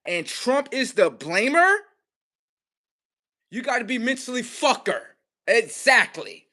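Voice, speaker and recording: Man ranting loudly on a livestream. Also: sing-song, takes it slowly. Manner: swings between loud high outbursts and low muttering; heavy swearing, mocking, talks at the audience. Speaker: livestream host. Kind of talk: profane livestream rant.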